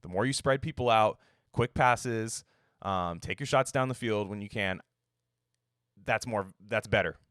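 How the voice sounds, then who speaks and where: Low-voiced man in a rambling sports rant. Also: measured pace, fairly bright tone, smooth, no room sound, studio quality. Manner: rambling, profane, jokey, acts out quotes. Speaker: sports podcast host. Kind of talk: casual sports commentary monologue.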